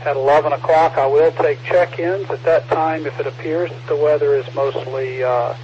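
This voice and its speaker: A man acting as net control on an amateur radio weather net, speaking in a calm, measured way with frequent pauses. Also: a little high. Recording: muffled radio audio with static hiss.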